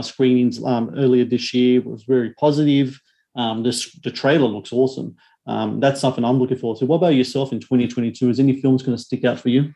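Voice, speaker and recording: Guy rambling about horror movies, lots of ums, mid-pitched voice. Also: warm tone. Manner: rambling, many ums and restarts. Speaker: podcast co-host, horror film reviewer. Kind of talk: casual chat.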